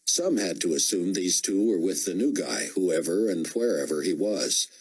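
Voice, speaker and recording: Deep husky guy reading a thriller audiobook, lots of pitch swing. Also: expressive, moderate pace, rough recording. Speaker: audiobook narrator. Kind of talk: scripted narration.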